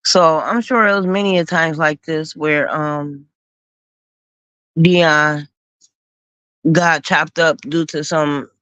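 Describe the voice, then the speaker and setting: Smooth-voiced woman recounting a story. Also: low voice, fairly even intonation, a bit bright, no echo. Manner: slow, recounting events with acted quotes. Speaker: host. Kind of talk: casual storytelling commentary.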